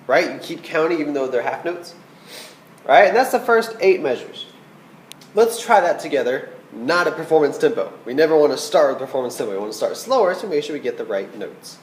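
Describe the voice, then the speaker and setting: A man's voice: a little high, very animated, fairly quick, reverberant, a little hiss or hum, rough recording. A man teaching a recorded flute lesson, patient and checking in with "okay?" as he explains. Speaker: band teacher.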